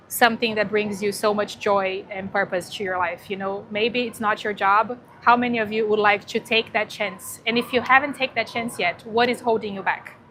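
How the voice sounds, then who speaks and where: A woman hosting a casual livestream who talks warmly to her viewers and gets teary, cooing now and then to a dog beside her. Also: mid-range voice, a little hiss or hum. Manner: chatty and emotional, thanking viewers, cooing to a dog. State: teary, crying. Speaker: livestream host promoting dog rescue.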